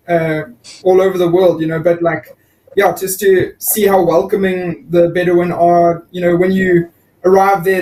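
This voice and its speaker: A man's voice: high-pitched, dark tone. A man with a South African accent who chats casually and hesitantly on a livestream. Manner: hesitant, with many fillers. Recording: echoey room, distant mic.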